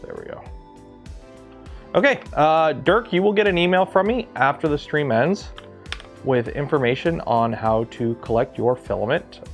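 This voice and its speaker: A man's voice: a little high, normal speed, faint music behind. A man from Canada hosting a livestream, talking casually and rambling with lots of ums and restarts. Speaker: livestream host.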